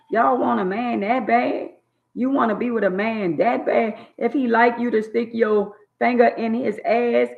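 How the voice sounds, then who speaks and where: A woman's voice: fairly high pitch, vocal fry. An older woman, scolding in a blunt, preachy monologue on her channel. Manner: drawn-out emphatic words. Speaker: channel host. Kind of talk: opinionated monologue. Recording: dull lo-fi phone audio.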